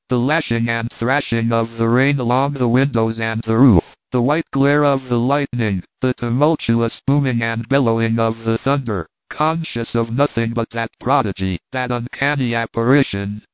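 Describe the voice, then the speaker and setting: A man reading a story aloud as its narrator, in a steady, measured way. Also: medium pitch, no room sound. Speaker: audiobook narrator. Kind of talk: scripted narration. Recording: dry tinny phone-like sound.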